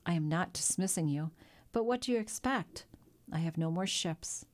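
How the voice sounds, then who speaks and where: A woman voicing a kindly, ruined older male shipowner who speaks in a gentle, melancholy way in a storybook reading. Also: on the low side, animated, moderate pace, natural voice. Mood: sad.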